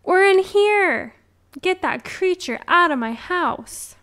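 A kindly, firm old grandmother who gives brisk orders, as a woman reads her. The voice is slow and sits a little high. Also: expressive. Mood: indignant. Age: older.

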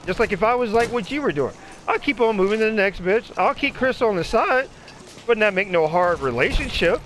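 A man telling profane, animated stories in casual chat while playing a video game. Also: high voice, fairly quick, slight background noise. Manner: profane, animated storytelling, acts out other people's voices. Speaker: gamer chatting while playing. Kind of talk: casual chat over gameplay.

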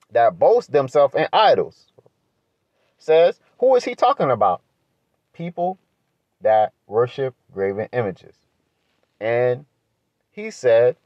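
A man teaching from the Bible in a preaching style, asking rhetorical questions and building to emphatic high-pitched points. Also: a little mellow, no room sound, highs cut off. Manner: emphatic, rises sharply in pitch when pressing a point; asks rhetorical questions, adds "right?".

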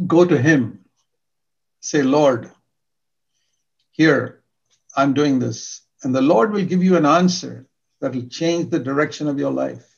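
A man's voice: a little high, lo-fi sound. An older man preaching a sermon in an earnest, emphatic way, repeating key words for stress.

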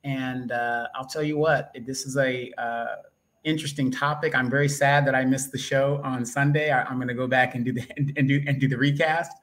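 A man co-hosting a talk show, speaking in a relaxed, rambling way and often restarting his sentences. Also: mid-range voice, a little fast. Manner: relaxed, rambling, self-correcting. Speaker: co-host. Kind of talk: casual talk show chat. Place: vacation spot with motorcycles outside.

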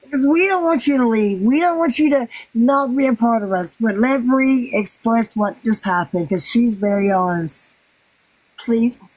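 A woman's voice: on the high side, normal speed, darkish tone, dry recording, poor audio. An older woman with a Southern US accent who hosts a livestream chat in a blunt, rambling way and keeps repeating herself. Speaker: livestream host.

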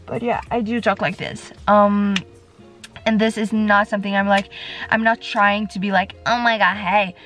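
A woman's voice: mid-range voice, level tone, normal speed, a bit bright, soft background music. A teenage girl from Norway, chatting casually to her camera in a car, rambling with lots of fillers and restarts. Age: teens. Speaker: vlogger. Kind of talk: casual vlog chat.

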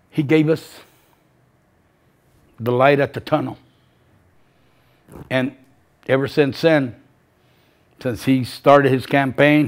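An older man in his seventies speaks to a class as a grieving father. His delivery is raw and uneven, with broken-off phrases and words repeated for weight. His voice sits in an ordinary middle pitch. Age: 70s. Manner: emotional, halting, repeats phrases. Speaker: victim's father giving testimony. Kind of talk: personal testimony to a class.

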